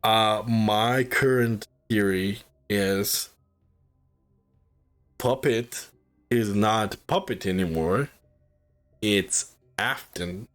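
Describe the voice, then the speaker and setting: A man's voice: fairly low pitch, extremely slow, long pauses, fairly bright tone, faint music behind. A man giving a casual spoiler review of a movie, swearing often and sounding incredulous as he rambles.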